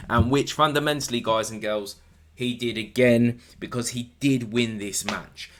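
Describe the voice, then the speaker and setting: Male wrestling reviewer, lower pitch, energetic casual delivery, addresses viewers.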